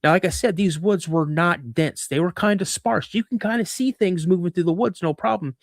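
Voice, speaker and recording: A man in his fifties telling stories as a podcast guest, animated and acting out the voices in them. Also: high voice, a little fast, vocal fry, dry recording, clean studio sound. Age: 50s. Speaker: podcast guest, cryptid researcher. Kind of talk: casual storytelling.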